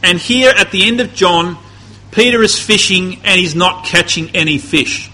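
A man preaches in a conversational way, often restarting phrases and then climbing to emphatic high points. His voice sits a little high for a man and sounds bright and forward. It has a slightly husky edge. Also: normal speed, rough recording. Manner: conversational, rising to emphatic peaks, frequent restarts. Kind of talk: sermon.

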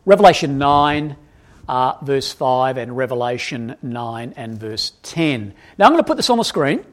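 A man's voice: medium pitch, moderate pace. A man preaching an expository Bible lesson, quizzing his audience and correcting himself as he goes. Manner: animated, asks the audience questions, self-correcting.

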